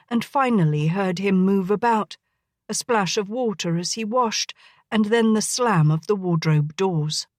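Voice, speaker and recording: A woman reading a historical romance audiobook as narrator, in an even, gentle manner on a close studio mic. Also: medium pitch, no room sound. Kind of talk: scripted narration.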